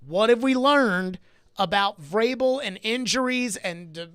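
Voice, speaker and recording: A man's voice: high-pitched, expressive, a little slow, a bit bright, clear, resonant tone, dry recording. A man hosting a sports talk radio show, arguing his point emphatically and repeating key phrases for stress, on a studio microphone.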